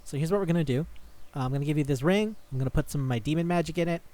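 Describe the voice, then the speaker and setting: A man's voice: fairly high pitch, very fast, dark tone, close to an everyday voice. A man voicing a rich old male demon who is a doting, pleading grandfather, retelling a manga scene. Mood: scheming. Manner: pleading, eager.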